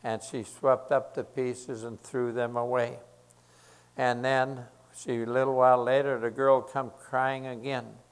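Slow, earnest male preacher. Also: medium pitch, little pitch movement, clean tone, poor audio. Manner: slow, earnest, repeating phrases for emphasis. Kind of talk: sermon.

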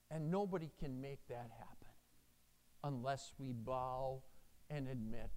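A man's voice: medium pitch, a little mellow. A man preaching a sermon as pastor, earnest and emphatic, telling stories with animation.

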